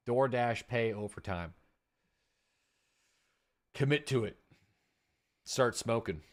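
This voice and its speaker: A man's voice: mid-range voice, slow pace, long pauses. A man streaming a game live, chatting casually with his viewers and thanking subscribers by name. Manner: relaxed and chatty, with frequent fillers and asides to chat. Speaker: livestreaming gamer and host.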